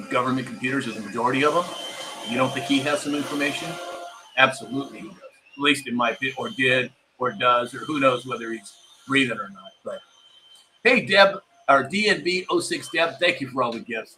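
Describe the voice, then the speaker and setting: A man's voice: medium pitch, bright, forceful tone, slight background noise. A man hosting a live-stream talk show, rambling casually and reading viewer comments aloud.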